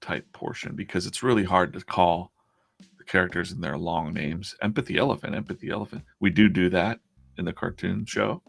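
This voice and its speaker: Deep, gravelly-voiced man chatting on a stream. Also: steady tone, normal speed. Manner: rambling, chatty, with many restarts. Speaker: comic artist and stream host. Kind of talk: casual live-stream chat.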